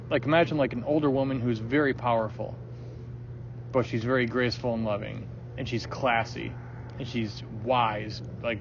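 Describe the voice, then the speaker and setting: A man at a mid pitch tells a personal story in a loose, rambling way. He fills the gaps with "like" and "um", restarts his sentences and swears freely. The recording sounds slightly dull and lo-fi. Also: noisy background. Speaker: guest sharing a personal story. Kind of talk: casual conversational storytelling.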